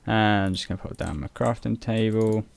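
A young man with a low, gravelly voice talks through his game in a loose, self-mocking way, swearing casually as he goes. He sounds close to a desk mic, and keyboard clicks can be heard under his voice. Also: fairly even intonation, moderate pace. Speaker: gaming video host.

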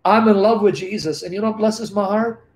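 The apostle Peter, an awed, adoring older man, as a preacher speaks in his voice. His voice is high-pitched and fervent, and he stacks up short heartfelt lines for emphasis. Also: a little fast, natural voice. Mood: awed, loving.

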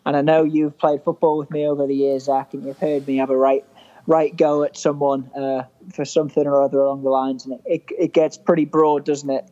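A man's voice: on the high side, flat delivery, fairly quick, mellow, lo-fi sound. A young man from England with a mild northern English accent, a podcast guest telling stories in a chatty, good-humoured way. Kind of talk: casual chat.

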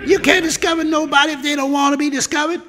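A man doing a shrill, sassy young woman. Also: little pitch movement, quick pace, sharp tone, in a large hall. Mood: defiant. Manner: shrill, defiant, scolding.

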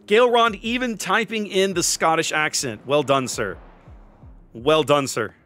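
A man's voice: a little high, a little slow, a bit bright, soft background music. A man casually commentating his own naval battle game, joking and sarcastic with theatrical asides. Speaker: gameplay commentator.

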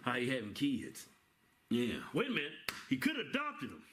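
A man in casual comedic banter, teasing and drawling slang in an animated way. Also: mid-range voice, normal speed. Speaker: comedy commentator. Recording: noisy video clip.

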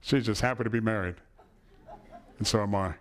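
This middle-aged man's voice is on the low side and fairly quick as he lectures an audience in a hall. His talk is personal and warm, built on family stories, with frequent "right?" check-ins.

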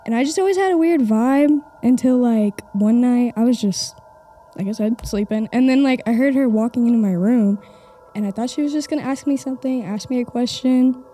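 A woman's voice: fairly high pitch, a little fast, warm tone. A young woman from the audience casually telling a ghost story, chatty with lots of fillers.

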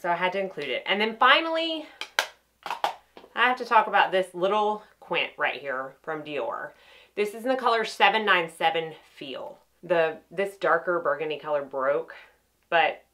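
Woman, middle-aged, bright slightly low voice, chatty enthusiastic makeup talk to camera. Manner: chatty and enthusiastic, often restarting sentences. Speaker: makeup artist reviewing her palettes. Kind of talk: casual chat to camera.

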